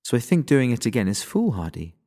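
A man's voice: mid-range voice, sing-song, fairly quick, mellow. A man voicing a grim young woman fighter who speaks bluntly and formally. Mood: stern. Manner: formal and blunt, without contractions.

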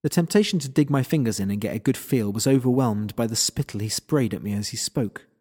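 A man's voice: medium pitch, brisk, mellow, breathy edge. A man narrating a first-person story in a wry, self-deprecating way.

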